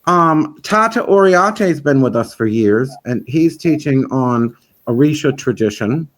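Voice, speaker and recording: A man's voice: medium pitch, lively intonation, unhurried. A man who organizes a festival, chatting in an interview in a rambling, frank and opinionated way. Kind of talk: casual interview chat.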